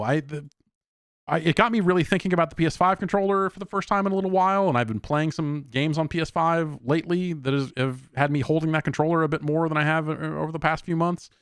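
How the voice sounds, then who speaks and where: A man's voice: a little high, fairly bright tone, smooth, no echo, studio quality. A man hosting a podcast, talking casually over a video call, rambling with frequent restarts. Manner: rambling, hesitant, many restarts. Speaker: podcast host. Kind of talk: casual chat.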